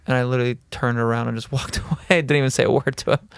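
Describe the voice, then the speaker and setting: A man, a podcast guest, casually telling an anecdote in an animated way, swearing freely and laughing as he goes. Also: mid-range voice, very fast, creaky, clean tone, no echo, studio quality.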